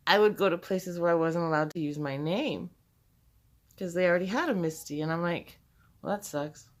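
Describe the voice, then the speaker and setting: A woman casually telling a personal story, rambling and profane, laughing often as she goes. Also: sits low.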